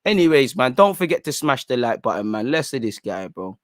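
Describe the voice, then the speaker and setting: A young man hosting a livestream, talking in animated, slangy casual banter. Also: medium pitch, a little fast, dry recording, studio quality. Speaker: fan channel livestream host.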